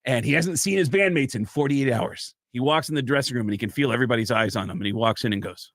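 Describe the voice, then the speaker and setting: A man telling a comic story as a guest, animated and restarting often, close to the mic. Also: medium pitch, fast talker, no room sound. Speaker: comedian guest.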